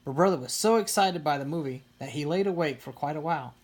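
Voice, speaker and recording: A woman reading a children's picture book aloud in an even storytelling manner. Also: deep voice, fast talker. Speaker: storybook reader.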